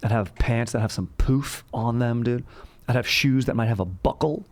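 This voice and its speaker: A man's voice: medium pitch, moderate pace. A man hosting a podcast, chatting casually about history with a rambling, jokey style and constant "dude" asides. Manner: slangy bro talk, says "dude" constantly. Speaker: podcast host. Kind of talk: casual comedic history chat.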